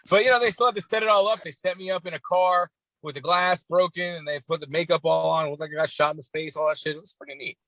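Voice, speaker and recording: A man's voice: on the high side, fairly even intonation, fast, bright, forceful tone, dry recording, poor audio. Laid-back, cussing man in his forties. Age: 40s. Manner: laid-back, swears freely, laughs often. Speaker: guest, actor. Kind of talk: casual podcast chat.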